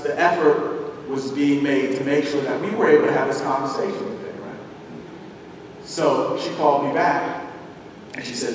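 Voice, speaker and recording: A man giving a talk as a guest speaker, telling a personal story in a lively way and acting out the voices of the people in it. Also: mid-range voice, brisk. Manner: animated, acts out voices in his story. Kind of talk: storytelling lecture. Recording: echoey hall recording from far off, noisy.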